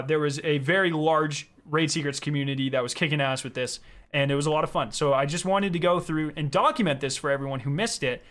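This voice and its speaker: Excitable high-voiced male streamer. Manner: excitable, reads chat aloud and answers. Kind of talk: casual live-stream chat.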